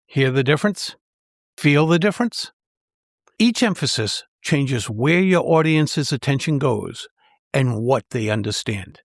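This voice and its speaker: A man, a public speaking trainer, giving a scripted podcast lesson in a clear, measured way, stressing key words on purpose. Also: mid-range voice, lively intonation, dry recording, studio quality.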